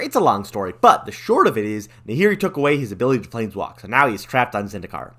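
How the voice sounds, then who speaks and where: A man's voice: mid-range voice, huge pitch swings, fast, few pauses, bright, forceful tone. A man and channel host retelling a fantasy card-game story in a casual, jokey manner, full of slang. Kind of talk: casual comedic story recap.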